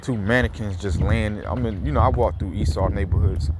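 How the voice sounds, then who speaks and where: A scripture commentator rants casually while strolling around a neighborhood outdoors, rambling with fillers, repeating himself, and swearing freely. His voice is fairly low and fairly quick, and the recording is very noisy.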